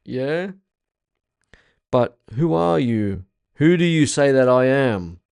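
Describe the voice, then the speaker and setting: Man, young adult, spiritual workshop teacher, blunt, swears a lot, emphatic repetition, mid-pitched voice. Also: expressive, takes it slowly, vocal fry, a little mellow, clear, resonant tone. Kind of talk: casual workshop talk.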